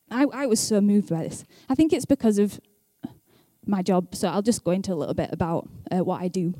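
A woman's voice: mid-range voice, brisk, dark tone, dry recording. Chatty young woman giving a talk. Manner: chatty, self-deprecating, laughs often. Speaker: church speaker. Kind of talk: casual talk and scripture reading.

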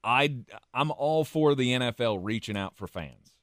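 A man's voice: medium pitch, animated, normal speed, fairly bright tone, no room sound, clean studio sound. A man co-hosting a sports talk show, easygoing and conversational, often restarting his words. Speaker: sports radio co-host.

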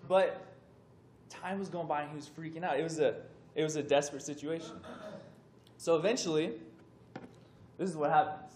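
A young man giving a casual sermon to a youth group. He tells a story with animated, conversational delivery and acts out the voices in it. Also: fairly high pitch, normal speed, long pauses. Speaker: youth speaker. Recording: echoey room with faint background noise.

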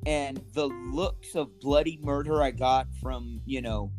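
A man co-hosting a podcast, telling animated stories with a lot of swearing. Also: medium pitch, a little slow, faint music behind. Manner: animated, profane storytelling. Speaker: podcast co-host. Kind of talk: casual chat.

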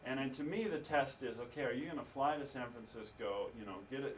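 Distant, animated male preacher. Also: medium pitch, quick pace, slight background noise. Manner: animated storytelling with laughter and acted quotes. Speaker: pastor. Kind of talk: sermon storytelling.

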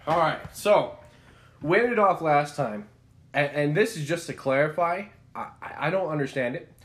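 Rambling, animated young man co-hosting. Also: a little high, moderate pace. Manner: animated storyteller, rambling with restarts. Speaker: podcast co-host. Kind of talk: casual chat.

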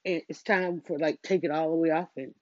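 A woman's voice: low voice, steady tone, a little fast, no room sound. A chatty middle-aged woman tells a winding story while moving around her home. She keeps cutting herself off and acts out her own thoughts. Her headset mic sounds close, dry and a little muffled. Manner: chatty, self-interrupting, storytelling with quoted self-talk. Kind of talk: casual rambling vlog while doing chores. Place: at home, moving between rooms.

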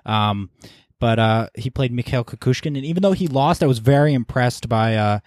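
A man hosts a podcast in a mid-range voice with a darkish tone, talking casually at a moderate pace and rambling with many ums and restarts. The recording is dry and clean, with studio sound.

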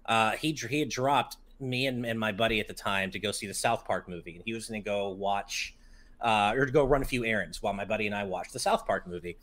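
A man hosting a podcast in relaxed casual chat, telling a story and reading out listener comments. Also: on the low side. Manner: easygoing, quick to laugh, reads out listener chat. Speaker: podcast host.

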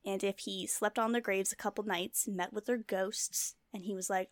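Woman, casual true-crime storyteller, mid pitch, dry close sound, lots of fillers. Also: steady tone, moderate pace, no echo. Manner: storytelling with many fillers and asides. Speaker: podcast co-host.

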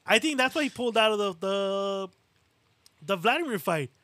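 A man's voice: high voice, animated, normal speed, a bit bright, dry recording. A man co-hosting a boxing podcast, talking casually and animatedly, swearing freely and acting out what fighters say. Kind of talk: casual chat.

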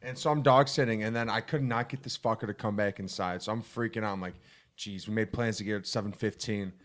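A man's voice: fairly low pitch, steady tone, fast talker. A young man joking and swearing while telling a story to friends. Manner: jokey, swears, chimes in. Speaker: podcast co-host. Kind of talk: casual storytelling among friends.

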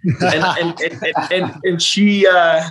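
A man speaks as an interview guest, chatting about family life in a loose, rambling way. He trips over his words and repeats himself, then slips into little acted-out quotes. His voice sits a bit on the higher side for a man. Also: takes it slowly, fairly bright tone, rough recording. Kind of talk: casual storytelling chat.

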